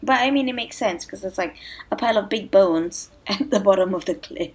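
Woman with a husky voice chiming in on a book chat, lots of yeah and mm-hmm. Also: medium pitch, a little fast. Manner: agreeable, backs up the other speaker, laughs along. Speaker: book podcast co-host. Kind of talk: casual book discussion.

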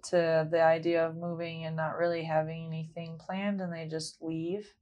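A woman's voice: deep voice, flat delivery, moderate pace, muffled recording. A woman hosting a podcast, asking questions in a friendly way and laughing often as she chats with a guest. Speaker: podcast host. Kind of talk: casual interview chat.

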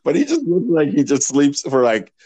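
A man's voice: a little high, huge pitch swings, moderate pace, creaky, mellow, dry recording. A man co-hosting a casual wrestling podcast, crude and rambling, laughing often. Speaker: podcast co-host. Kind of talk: casual profane chat about wrestling.

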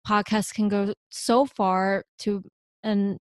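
A young woman from Pennsylvania chats as a podcast guest, spinning lively stories and slipping into the voices of the people in them. Her voice sits at a medium pitch, and the sound is dry and close, with no room around it. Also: takes it slowly, no echo. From Pennsylvania, USA. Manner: animated storyteller who acts out what people said. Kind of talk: casual chat.

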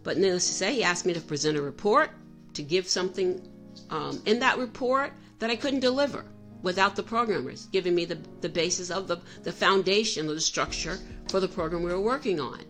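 A woman's voice: lowish voice, animated, fairly quick, a bit bright, soft background music. A middle-aged woman telling a personal story in a candid, self-reflective way, often restarting her sentences.

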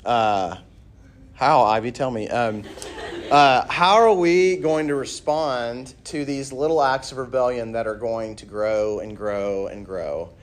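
A man in his thirties, a campus minister preaching a conversational sermon to students with animated storytelling and light humor. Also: medium pitch, slow pace, slight background noise.

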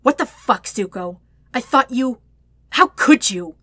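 A woman's voice: mid-range voice, moderate pace, a bit bright, no room sound, lightly acted. A woman voicing a bitter young man who speaks coldly and cruelly in a hiss. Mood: cold anger. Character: cold, furious young man with a grudge. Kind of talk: audiobook reading.

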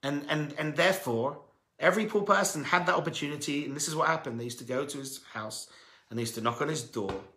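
A man tells a sermon story with a bright, forceful, slightly high voice. He is animated and emphatic and builds to loud peaks. The sound rings in an echoey room. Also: quick pace. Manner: addresses listeners as friends. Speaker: religious teacher.

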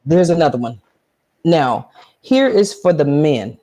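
A woman's voice: low voice, sing-song, unhurried, mellow. A woman co-host on a chatty podcast who speaks straight to the listeners. Her tone is frank and sassy, and she uses plenty of slang. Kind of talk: casual banter podcast.

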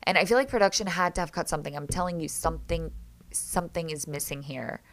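A woman's voice: sits low, fast talker. A woman hosting a casual reality TV recap, chatty and opinionated, often stopping to restart and correct herself. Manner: chatty, opinionated, animated reactions. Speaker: TV recap host.

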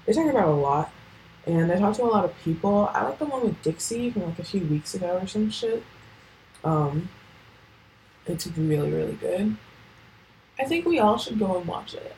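A woman's voice: fairly low pitch, lively intonation, moderate pace, dark tone, slight background noise, low-quality recording. A teenage girl talking casually on her own podcast at home, rambling with lots of fillers and casual swearing. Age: late teens. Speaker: podcast host. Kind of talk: casual solo podcast chat.

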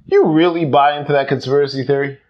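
A man's voice: fairly high pitch, steady tone, quick pace, lo-fi sound. A man co-hosting a casual podcast chat, teasing his partner in a dry, wry way. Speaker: podcast co-host.

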